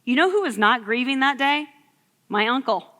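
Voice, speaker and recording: Woman in her thirties, youth sermon, chatty storyteller, high bright voice, echoey hall. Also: expressive, moderate pace. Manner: storytelling, conversational with many fillers. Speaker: youth ministry speaker. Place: church hall.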